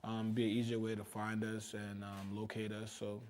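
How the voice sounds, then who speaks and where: A man's voice: on the low side, moderate pace, slight background noise. Laid-back young man guest. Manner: relaxed, trails off softly, fills with "like" and "um". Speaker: guest, juice shop owner. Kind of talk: casual interview chat.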